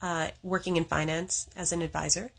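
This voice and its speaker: A woman's voice: low-pitched, level tone, moderate pace, creaky, crowd noise. A woman from Canada chatting earnestly to camera about an old work story.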